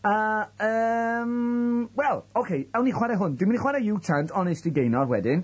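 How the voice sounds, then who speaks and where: A man's voice: sits high, moderate pace, breathy edge. A man with a Welsh accent hosting a radio show, teasing guests and rambling between Welsh and English. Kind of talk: chaotic bilingual radio banter. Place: radio studio.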